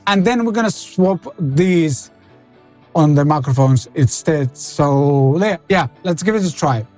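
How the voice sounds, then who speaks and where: A man's voice: on the high side, animated, measured pace, a little mellow, soft background music. A man reviewing microphones in a casual demo, with a playful, rambling, self-mocking manner, speaking into a studio condenser mic. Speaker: gear reviewer. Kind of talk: casual product demo chat.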